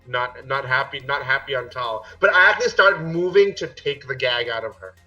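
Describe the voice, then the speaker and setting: Excitable guy player, really bright sharp voice, far off and dull sounding mic. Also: mid-range voice, normal speed. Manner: excitable, eager questions. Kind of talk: casual tabletop play.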